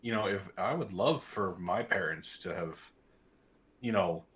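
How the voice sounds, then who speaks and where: A man appearing as a guest on a casual podcast, speaking in a relaxed, hesitant way. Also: sits low, unhurried. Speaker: guest, story narrator. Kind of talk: casual chat.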